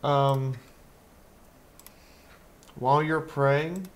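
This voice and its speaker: Casting note: slow, matter-of-fact male game master. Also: medium pitch, steady tone, a little hiss or hum. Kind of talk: narrating a tabletop game.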